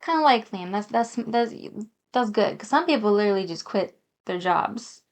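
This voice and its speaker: A woman's voice: medium pitch, lively intonation, normal speed. A young woman playing a mobile dating game, reading it aloud with rambling, sarcastic asides. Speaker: gaming YouTuber. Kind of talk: let's play commentary.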